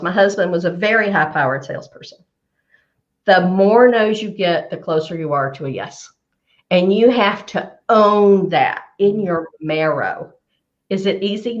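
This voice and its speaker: A woman career coach giving advice on a live show, emphatic and animated, repeating her key phrases for effect. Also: fairly low pitch, lo-fi sound.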